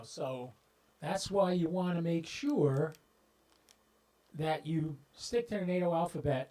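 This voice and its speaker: Folksy ham radio host with a clip-on mic. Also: male voice, on the high side, warm tone, poor audio. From southeastern US. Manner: folksy, talks directly to viewers, stumbles into jokes. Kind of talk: casual livestream talk. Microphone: clip-on microphone on shirt. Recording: popping and scratching from mic.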